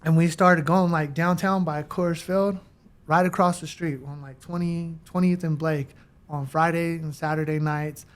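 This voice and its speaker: Animated slangy man telling his story. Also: on the high side, moderate pace. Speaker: guest. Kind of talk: casual storytelling interview.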